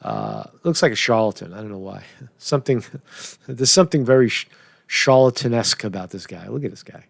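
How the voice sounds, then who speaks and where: Here the political vlogger sounds gravelly and expressive, speaking briskly at medium pitch on a dry recording. He still swears, laughs, restarts his thoughts and keeps tossing in "right?".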